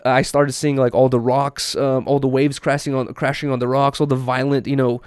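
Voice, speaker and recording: A young man, a podcast host, telling a story in casual chat, animated, laughing often and acting out quotes. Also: mid-range voice, normal speed, clear, resonant tone, no room sound.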